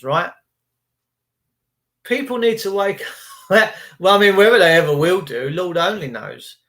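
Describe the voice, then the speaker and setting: A man's voice: sits high, a little slow, pauses often, a bit bright. A man in his fifties giving a rambling, preachy and indignant rant on his livestream. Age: 50s. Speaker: vlogger on a livestream. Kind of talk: casual ranting monologue.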